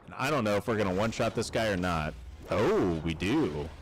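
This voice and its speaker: A man streaming a game playthrough, giving casual, excited and joking reactions to the gameplay. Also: lowish voice, fairly quick, faint music behind. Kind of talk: casual let's-play commentary.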